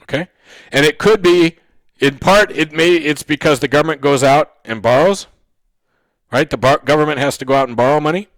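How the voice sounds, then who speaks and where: A man teaching an economics lesson, who often checks in with "okay?" and "right?" and repeats key points slowly to stress them. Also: a little high, a bit bright, dry recording, clean studio sound. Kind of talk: recorded lecture.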